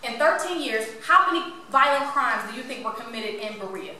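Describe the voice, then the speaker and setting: High, bright woman speaking to a crowd. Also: a little fast, a little hiss or hum. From Cleveland, Ohio. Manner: animated, playful, engages the audience with questions. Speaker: motivational speaker. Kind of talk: storytelling talk to a live audience. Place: room with an audience. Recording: echoey room from far off.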